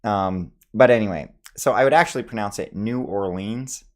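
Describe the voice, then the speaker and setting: A man's voice: lowish voice, a little fast. A man in a casual accent tag video, playfully thinking aloud about how he says each word, recorded in a small home studio. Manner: playful, musing aloud over his own pronunciations. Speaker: vlogger.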